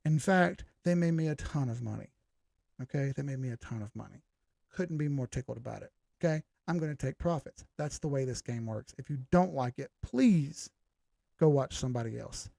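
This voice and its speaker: A man's voice: fairly high pitch, lively intonation, moderate pace, gravelly, dark tone, dry recording, studio quality. A man hosting a live stream, going over charts in casual talk, blunt and combative as he answers his viewers directly. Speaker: crypto live-stream host.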